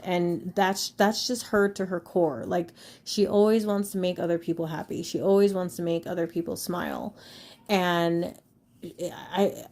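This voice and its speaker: A woman's voice: fairly low pitch, steady tone, unhurried, a little mellow. A woman in her thirties hosting a podcast, talking frankly and rambling in casual chat, with frequent swearing. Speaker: podcast host.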